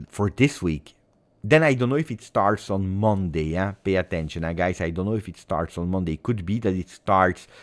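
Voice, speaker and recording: A man hosting a fan channel, chatting casually on a livestream, rambling with fillers and self-corrections. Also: deep voice.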